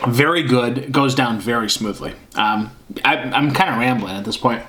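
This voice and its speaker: A man's voice: mid-range voice, moderate pace, sharp tone, slight background noise. A man casually reviewing a beer on camera, rambling and hunting for words with lots of fillers. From Michigan.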